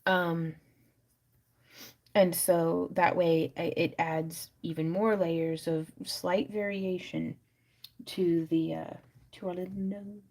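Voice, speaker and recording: A woman's voice: fairly low pitch, little pitch movement, takes it slowly, a little mellow. A woman hosting a crafting livestream from her craft room, chatting casually and thinking aloud with lots of fillers as she works. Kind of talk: casual chat while crafting.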